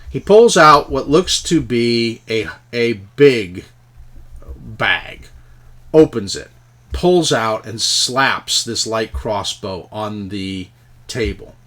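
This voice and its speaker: A man narrating as game master in a tabletop game, telling the scene in an animated, stumbling way. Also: medium pitch, takes it slowly.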